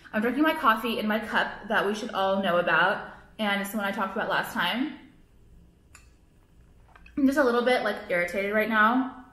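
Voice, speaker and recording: A woman's voice: mid-range voice, pushed and bright, echoey room, rough recording. A young woman who owns a jewelry business, talking in a casual confessional vlog, rambling and frank with lots of swearing and filler words. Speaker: jewelry business owner and vlogger.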